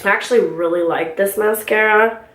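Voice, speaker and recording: A woman's voice: medium pitch, normal speed, fairly bright tone. A young woman telling a story in casual, filler-filled chat while doing her makeup at home. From California, US. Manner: chatty, filler-heavy storytelling. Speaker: beauty vlogger. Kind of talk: casual get-ready-with-me chat. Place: room at home. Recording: roomy home recording.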